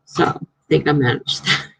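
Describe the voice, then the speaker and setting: A woman's voice: a little slow, fairly bright tone, no room sound, poor audio. A woman, a writer, hosting a casual live stream from home, chatting in a rambling way and laughing often.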